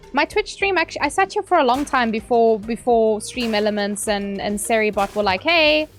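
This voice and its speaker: A young woman talks through her game live, swearing, squealing and gasping as she reads chat. Her voice sits high, and faint music plays underneath. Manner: excitable, swearing, squeals and gasps, chatting with viewers. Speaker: streamer. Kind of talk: casual live gaming commentary.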